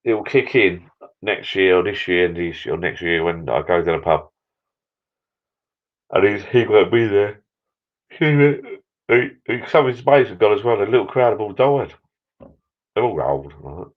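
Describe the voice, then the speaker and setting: A man's voice: fairly low pitch, expressive, normal speed, long pauses, narrow, tinny audio. An older man hosting a live stream from his backyard bar, chatting in a rambling, sentimental way. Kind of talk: casual chat. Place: backyard garden bar shed.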